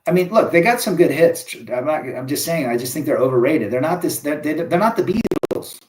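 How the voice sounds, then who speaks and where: A man's voice: fairly high pitch, expressive, brisk, darkish tone. A man hosting a casual live stream, reading viewer comments aloud and answering with blunt opinions. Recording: echoey room.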